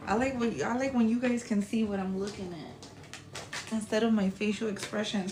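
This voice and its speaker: A woman in her thirties chatting casually on a live stream as a spiritual reader, animated and profane, with laughing asides. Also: mid-range voice, moderate pace, music in the background.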